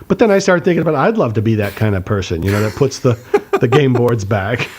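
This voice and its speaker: A man's voice: medium pitch, lively intonation, quick pace, slight background noise. A man co-hosting a podcast in casual chat, hesitant and often restarting his sentences. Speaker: podcast co-host.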